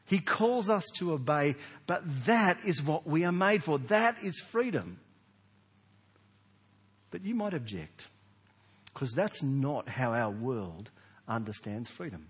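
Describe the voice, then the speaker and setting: A man, preaching a sermon in a large church in a lively, conversational way with rhetorical questions. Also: fairly high pitch, slightly rough. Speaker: pastor. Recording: long hall reverb.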